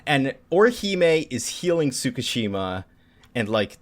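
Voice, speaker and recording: Casual male podcast co-host, middle pitch, lively, acts out lines while recapping. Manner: animated, acts out characters' lines in quick bursts. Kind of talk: casual chat recapping a manga.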